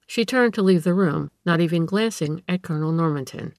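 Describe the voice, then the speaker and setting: A woman narrating a classic tale in a steady, measured way. Her voice sits on the low side and sounds dry and close to the mic, with no room around it. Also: dry recording. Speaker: audiobook reader. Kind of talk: scripted narration of a classic story.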